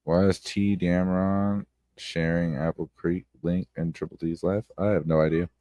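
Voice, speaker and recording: A man streaming blunt, profane commentary on online drama, repeating himself and breaking into loud outbursts. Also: low voice, flat delivery, moderate pace, no echo. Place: home streaming setup. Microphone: close streaming mic.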